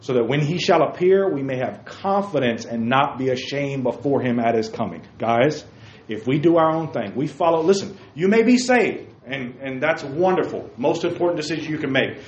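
A man's voice: medium pitch, animated, moderate pace. Man preaching emphatically in a roomy hall. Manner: emphatic, repeats key phrases, addresses listeners by name. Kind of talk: sermon to young men. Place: church room with a group. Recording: roomy, dull lo-fi recording with faint noise.

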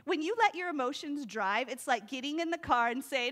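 A woman preaching a sermon in a lively, conversational way, laughing often and acting out voices. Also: sits high, fairly quick, few pauses.

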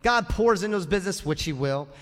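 A male pastor preaching an animated sermon to his congregation, often acting out the people in his stories. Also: sits high, fast. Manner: animated, acts out quoted voices, addresses the congregation directly. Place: church sanctuary. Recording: long church reverb.

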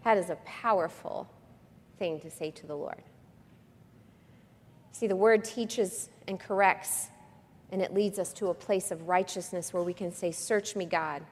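A woman preaching a sermon with passion, swinging from hushed, quiet passages to loud, lively ones. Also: fairly low pitch, a little slow, pauses often. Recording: long reverb of a large hall.

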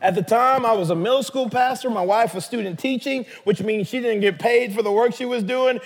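A man's voice: very high voice, brisk, in a large hall. A man pastor delivering a sermon in a conversational, emphatic manner.

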